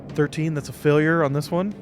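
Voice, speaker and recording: A man's voice: on the high side, fairly even intonation, a little fast, soft background music. A man running a tabletop game as game master, narrating in a casual way with laughs and acted screams.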